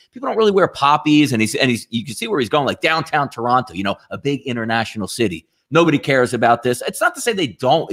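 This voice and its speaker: A man co-hosting a casual sports show, talking quickly with strong opinions. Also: fairly high pitch, a bit bright. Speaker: sports betting show co-host.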